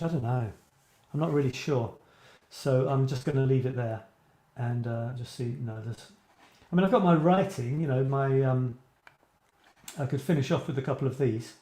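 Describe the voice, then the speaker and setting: With a dark-toned voice of medium pitch, a man running a relaxed writing live stream thinks out loud in a rambling way as he responds to viewer posts. He is a writing coach and show host, and the room he's in sounds echoey.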